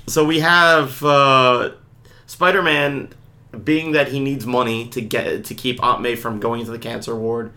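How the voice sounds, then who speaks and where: A young man co-hosting a casual comic book podcast, retelling the plot with lively acted-out lines. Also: medium pitch, unhurried. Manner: animated retelling, acting out characters' lines. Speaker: podcast co-host.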